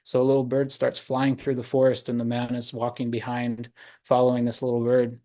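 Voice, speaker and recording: Man, storyteller, unhurried, pauses and fillers, video call. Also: mid-range voice, completely flat delivery, dark tone. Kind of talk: oral storytelling.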